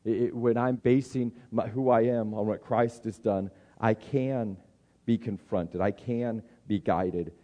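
A middle-aged man preaching a sermon, conversational and often restarting his words, acting out inner voices in a raised pitch. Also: steady tone, measured pace, warm tone, muffled recording. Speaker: pastor.

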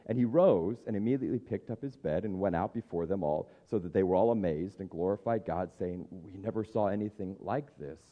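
A man's voice: low-pitched, a little fast, hardly any pauses, big-room sound, phone-quality sound. A man in his thirties preaching a conversational sermon as a pastor, thinking aloud with frequent restarts.

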